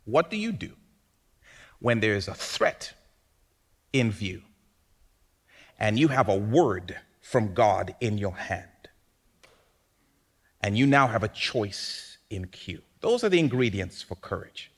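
A man preaching a sermon in a conversational way, asking rhetorical questions and swinging from hushed lines to loud bursts. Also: fairly low pitch, very animated, takes it slowly, pauses often. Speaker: pastor.

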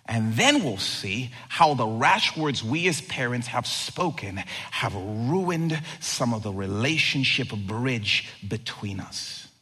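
A man preaching a sermon as pastor, animated, acting out quoted lines and swinging from loud to hushed. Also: mid-range voice, takes it slowly, few pauses, slightly rough. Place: church sanctuary. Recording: long reverb of a large hall.

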